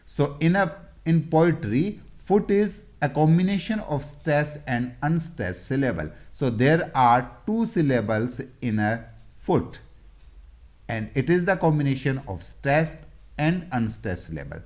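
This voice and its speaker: English teacher, explanatory lesson, sounds out example words, unhurried, animated pitch.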